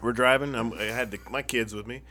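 A man of middle pitch who rambles through stories in casual chat, swearing freely and building to loud bursts. He talks into a studio mic while wearing headphones. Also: fairly even intonation, fairly quick. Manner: profane, rambling storyteller.

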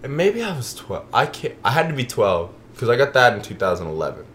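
A man in his twenties on a podcast, casually telling a long story with lively swings and casual swearing. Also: mid-range voice, fairly quick, a little hiss or hum. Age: 20s. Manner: animated storyteller, swears, says "bro". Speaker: podcast co-host. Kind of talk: casual chat.

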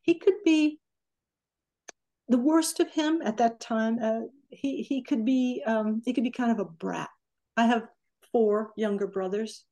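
A woman's voice: on the high side, measured pace. A woman in her sixties, a recording engineer, telling stories as an interview guest and acting out what people said. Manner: animated, acts out quoted remarks. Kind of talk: conversational storytelling.

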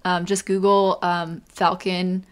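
A young woman co-hosting a casual fan discussion, chatty and quick to agree and laugh along. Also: lowish voice, flat delivery, clear, resonant tone. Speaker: co-host.

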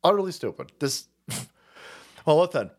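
A man's voice: sing-song, unhurried. A man running a profane, mocking political commentary stream. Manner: mocking, swearing, laughing, swings loud and low.

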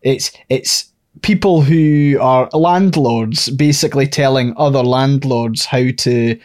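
A man co-hosting a casual podcast chat, rambling through his points and swearing and laughing loudly. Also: mid-range voice, slow. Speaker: podcast co-host.

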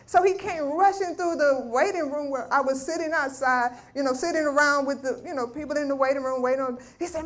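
A middle-aged woman giving a spoken testimony at a ministry meeting, telling a story with lively acted-out quotes. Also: sits high, normal speed. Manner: animated storytelling, acting out voices of family members. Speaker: guest speaker at a women's ministry meeting. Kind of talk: testimony preaching.

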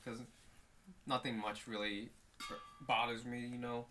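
A young man co-hosting a podcast, talking in a laid-back, halting way with many fillers while he searches for words. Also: medium pitch, level tone, over music. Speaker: podcast co-host. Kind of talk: casual chat.

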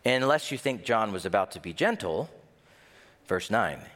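A man preaching a sermon in a lively, animated way, sometimes acting out the voices of people he quotes. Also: lowish voice, normal speed. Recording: long hall reverb.

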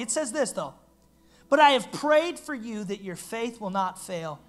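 A man preaching as a pastor, animated and building to loud, emphatic peaks. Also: very high-pitched, measured pace, long pauses, faint music behind. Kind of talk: sermon.

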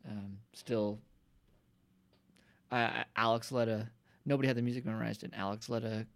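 A man's voice: fairly low pitch, little pitch movement, moderate pace, gravelly. A man appearing as a podcast guest, chatting casually and telling laid-back, loose anecdotes. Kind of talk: casual chat.

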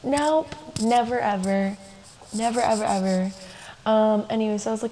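A woman's voice: fairly high pitch, normal speed, mellow, poor audio. A young woman co-hosting a podcast, telling a personal story in a loose, chatty way full of "like" and laughing asides. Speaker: podcast co-host. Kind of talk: casual storytelling chat.

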